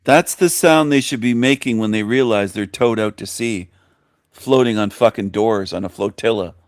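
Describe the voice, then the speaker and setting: This man hosts a talk show and rants over clips, blunt and contemptuous, cursing a lot and repeating himself. His voice is on the low side and his pace moderate.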